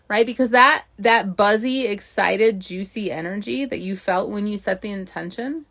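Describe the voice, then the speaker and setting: A woman giving a casual motivational talk as a mindset coach, chatty and animated, often asking "right?" and acting out inner thoughts. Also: medium pitch, moderate pace, vocal fry.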